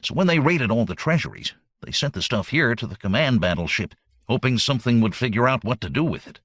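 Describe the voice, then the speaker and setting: A man voicing a brisk, eager young male robot son who talks quickly and matter-of-factly. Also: mid-range voice, big pitch swings, a bit bright, no echo, clean studio sound.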